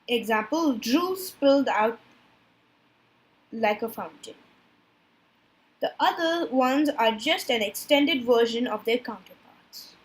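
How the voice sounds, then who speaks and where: Woman presenter, somewhat high voice, reads slides haltingly, trips over terms. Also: lively intonation, slightly rough. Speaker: student presenter. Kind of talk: reading a class presentation from slides.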